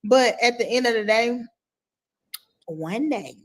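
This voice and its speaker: A woman's voice: a little high, animated, slow. A woman attorney co-hosting a podcast, chatting casually in a slangy, playful way and sometimes dropping to a whisper. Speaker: attorney co-host.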